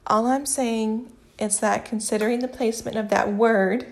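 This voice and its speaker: A woman voicing a smug, teasing young man in a story reading, playful and calm. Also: a little high, normal speed, lightly acted.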